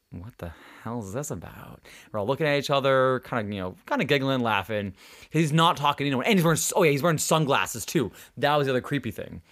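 A young man hosting a podcast, telling stories in casual chat, swearing and acting out the people he quotes. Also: medium pitch. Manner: animated, swearing, acts out quotes. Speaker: podcast host.

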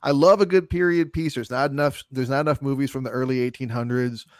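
A man's voice: medium pitch, steady tone, fast talker, a little mellow, clean tone, no room sound, clean studio sound. A man co-hosting a podcast, chatting casually about movies in a rambling, profane way with frequent laughs. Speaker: podcast co-host.

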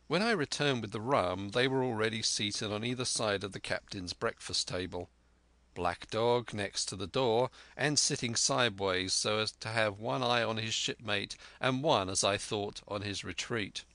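A man narrating a storybook tale in a measured, vivid reading. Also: lowish voice, bright, forceful tone, no echo.

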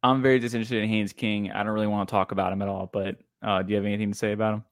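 Male podcast co-host, low-pitched, casual and blunt, dry close-mic sound. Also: flat delivery, very fast, no echo. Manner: loose and offhand, lots of fillers, blunt opinions. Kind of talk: casual fantasy football podcast talk.

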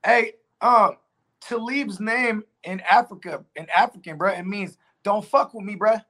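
Slangy, animated man hosting sports chat. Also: sits high, unhurried. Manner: loose, slangy, animated, swears freely. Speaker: sports podcast co-host.

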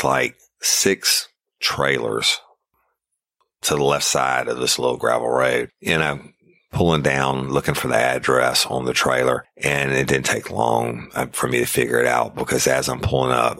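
A man's voice: rumbling low, gravelly, pushed and bright, no echo. A middle-aged man, a former deputy, bluntly and profanely telling a first-person story about a police call. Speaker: podcast host, former sheriff's deputy.

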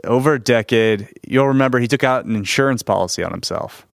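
A man's voice: mid-range voice, fast, gravelly, no echo. A man co-hosting a golf betting podcast, talking in a dry, matter-of-fact, laid-back way. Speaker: podcast co-host, golf tipster. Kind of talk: casual golf betting chat.

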